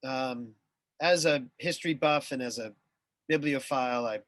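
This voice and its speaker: Halting man hosting an interview, dry sound. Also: medium pitch, a bit bright, dry recording. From USA. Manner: halting, many fillers and restarts. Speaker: interview host. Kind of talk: casual interview chat.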